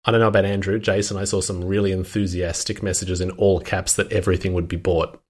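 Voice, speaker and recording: Low-voiced male podcast co-host, dry and precise, deadpan wit. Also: fast talker. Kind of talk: casual chat.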